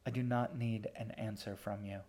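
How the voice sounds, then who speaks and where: Cold, measured male villain, soft-spoken and clipped, read by a male narrator. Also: fairly low pitch, steady tone, close to an everyday voice. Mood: quiet menace. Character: cold, calculating man, quiet and menacing.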